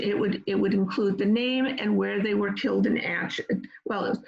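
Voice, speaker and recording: A woman's voice: medium pitch, steady tone, normal speed, gravelly, highs cut off. A woman presenting an online workshop, explaining things earnestly and step by step. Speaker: webinar presenter on peer support.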